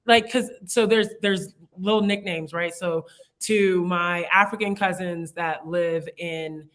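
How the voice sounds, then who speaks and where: A young woman from the United States chats as an interview guest. Her voice sits low for a woman. She talks reflectively, laughs easily and leans on "like" as she works through her thoughts. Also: steady tone, slow pace, fairly bright tone. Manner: chatty, reflective, laughs easily, many "like" fillers. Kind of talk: casual conversational interview.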